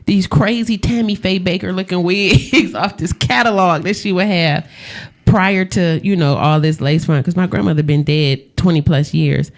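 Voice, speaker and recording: Woman, low pitch, animated storyteller, acts out quotes, casual radio talk. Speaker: makeup artist for funerals.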